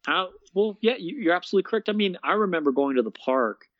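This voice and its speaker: A young man, a guest, casually telling his story in an interview, animated and laughing often, peppering his talk with "man" and "bro.". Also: high-pitched, fast, dry recording. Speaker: guest, fitness coach and speaker. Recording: dull, dry lo-fi sound.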